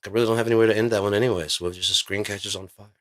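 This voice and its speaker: A man vlogging in a casual, rambling monologue, swearing often and getting excited as he pitches his ideas. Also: racing. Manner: rambling, profane, excitable storytelling.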